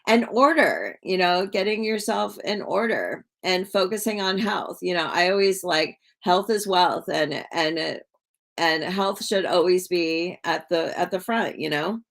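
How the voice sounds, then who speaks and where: A woman chats with her viewers on a livestream in a loose, rambling way. She starts phrases over and over and fills the gaps with "like" and "you know". Her voice sits a little on the low side. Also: lively intonation, measured pace, creaky, a bit bright. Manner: rambling, repeats words, many fillers. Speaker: livestream host. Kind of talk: casual livestream chat.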